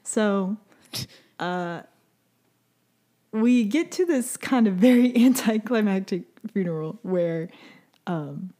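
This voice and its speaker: A young woman co-hosting a casual chat, recapping a series with lively storytelling and acted-out quotes. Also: medium pitch, slow pace, pauses often. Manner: animated storytelling with laughs and quoted voices. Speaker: podcast co-host recapping a series.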